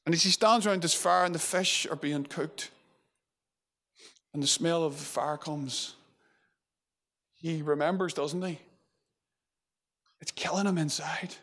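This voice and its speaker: A man's voice: a little high, measured pace, long pauses, a bit bright. A man preaching a sermon in a conversational way, full of fillers and restarts. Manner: conversational, with many fillers and restarts, acting out quotes.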